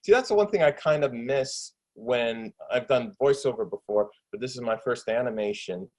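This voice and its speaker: A man's voice: mid-range voice, normal speed, darkish tone, poor audio. Enthusiastic man rambling about his work. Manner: enthusiastic, rambling, lots of fillers. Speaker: actor and filmmaker. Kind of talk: casual video interview. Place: at home. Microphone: desktop USB microphone with pop shield.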